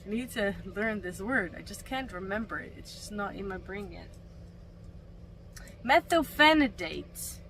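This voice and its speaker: A woman's voice: medium pitch, animated, unhurried, background noise. A young woman chatting in a casual vlog, rambling with many fillers and restarts. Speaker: vlogger. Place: camper van.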